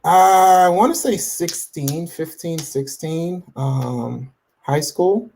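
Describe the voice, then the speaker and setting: A man's voice: fairly high pitch, slow pace, vocal fry, darkish tone, slight background noise. Confident man telling his faith story. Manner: self-assured, many restarts and fillers. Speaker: guest. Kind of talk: casual interview talk about faith.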